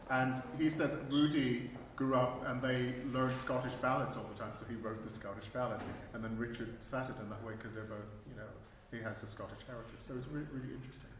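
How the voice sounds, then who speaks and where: A man's voice: medium pitch, fairly even intonation, brisk, hardly any pauses. A man, a vocal tutor, chatting through questions at a research forum, with many fillers and easy laughter. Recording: echoey hall, distant mic, faint hiss.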